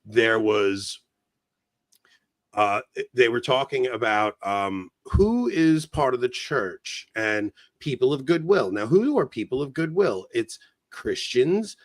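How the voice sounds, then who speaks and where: A middle-aged man on a casual podcast, telling an animated story that grows heated. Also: medium pitch, takes it slowly, dry recording. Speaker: podcast co-host.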